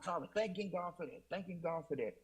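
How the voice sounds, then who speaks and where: A man's voice: high-pitched, fast talker, low-quality recording. A man as an interview guest, earnestly retelling a personal testimony with many fillers and restarts.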